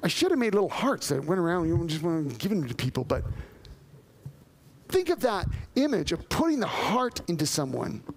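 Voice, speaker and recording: Animated high-voiced male pastor. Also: a little fast. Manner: emphatic, repeats phrases, long spoken lists; asks the congregation questions directly. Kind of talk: sermon.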